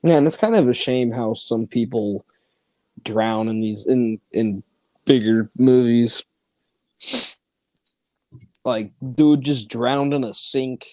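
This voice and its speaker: A man's voice: medium pitch, slow, pauses often, darkish tone, no room sound. A man hosting a casual watch-along, rambling and laughing as he comments on a movie. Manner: rambling, laughs often, trails off. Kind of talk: casual chat over a movie.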